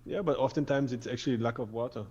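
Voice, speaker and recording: A man's voice: mid-range voice, fast talker, a little mellow, slightly rough, muffled recording. A man co-hosting a casual podcast chat, reflective and hesitant, often repeating words as he thinks.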